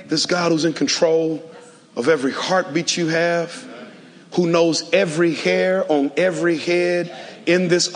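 A man preaching a sermon to a large auditorium, calling for responses and swinging from soft to shouting. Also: fairly high pitch, in a large hall. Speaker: pastor.

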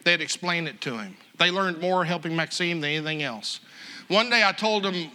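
A man telling a story in a sermon, animated and chuckling as he acts out the other people. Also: fairly high pitch, moderate pace.

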